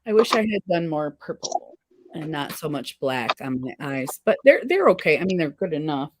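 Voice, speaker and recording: Low-voiced woman, relaxed chat. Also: normal speed, no echo. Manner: relaxed, agreeable, many backchannels. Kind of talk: casual chat while face painting.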